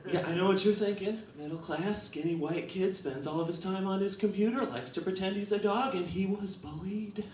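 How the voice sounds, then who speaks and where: A man's voice: high-pitched, fairly quick, few pauses, a little mellow, slight background noise. A young man doing a stand-up set at an open mic, delivering dry, self-deprecating one-liners. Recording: echoey room, far mic, audience.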